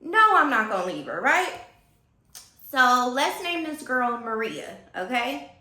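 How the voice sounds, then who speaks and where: A woman telling a story in a casual vlog, animated and gossipy, talking straight to her viewers. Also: fairly high pitch, unhurried, roomy sound.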